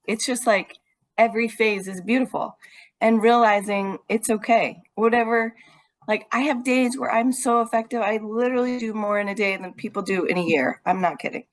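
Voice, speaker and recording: A woman's voice: medium pitch, moderate pace. A woman hosting a podcast in casual chat, frank and upbeat with some casual swearing. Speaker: podcast host.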